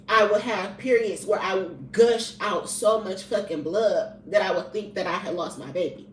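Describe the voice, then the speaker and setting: A woman's voice: mid-range voice, normal speed, hardly any pauses. A woman in her thirties giving a candid personal testimony, blunt and profane, with colloquial grammar. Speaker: vlogger sharing personal testimony. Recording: roomy echo, distant from the mic, faint background noise.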